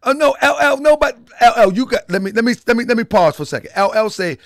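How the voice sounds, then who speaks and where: A man's voice: very high voice, lively intonation, quick pace, hardly any pauses, dry recording, studio quality. A man hosting a live stream in a casual, repetitive style, talking straight to his chat. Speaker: live-stream show host.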